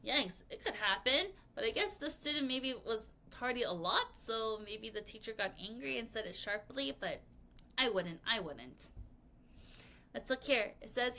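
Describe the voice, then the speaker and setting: A woman teaching English vocabulary in a lesson video, with a bright, clear voice pitched a little high. She keeps the delivery playful and expressive and has learners repeat each word back to her. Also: a little slow. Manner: playful, expressive, leads choral repetition.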